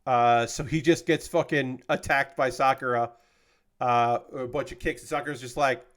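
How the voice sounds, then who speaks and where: A man's voice: medium pitch, steady tone, normal speed, a bit bright. A man casually recapping an anime episode on a livestream, loose and profane, with lots of fillers and restarts. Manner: gets heated and indignant when he talks about unfair characters.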